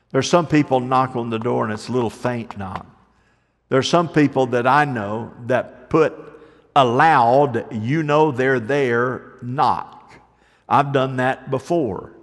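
A man preaching a sermon, moving from quiet storytelling to loud, rising preaching. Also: mid-range voice, in a large hall. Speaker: pastor.

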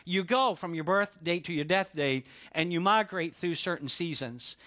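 A man's voice: sits high, normal speed, pushed and bright. A man preaching a sermon as pastor, conversational and folksy, telling a joke story before the message. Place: church.

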